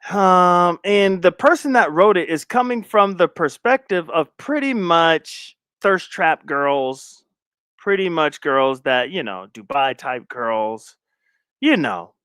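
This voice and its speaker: A man's voice: fairly high pitch, lively intonation, slow pace, fairly bright tone, clean tone, no room sound, studio quality. A man hosting a casual live stream, talking loosely in slang and repeating his phrases while he shares his screen. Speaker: live stream commentary host.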